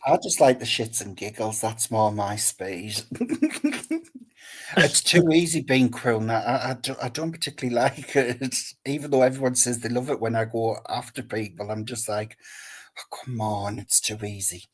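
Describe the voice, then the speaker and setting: Halting northern English man, jokey chat. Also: medium pitch, animated, husky. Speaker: livestream co-host. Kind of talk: casual chat.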